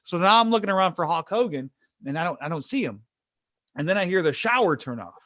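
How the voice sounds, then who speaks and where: A man from the Detroit area telling lively, stammering stories as an interview guest. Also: sits high, quick pace, no room sound, studio quality. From Detroit area, USA. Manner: animated, excited, frequent stammered restarts. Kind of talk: casual storytelling.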